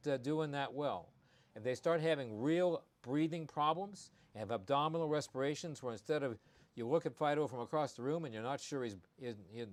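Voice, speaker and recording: A male veterinarian hosts a live-streamed pet health talk. His voice sits at an ordinary middle pitch for a man, and he talks in a folksy, conversational way, often repeating his key warnings. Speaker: veterinarian host.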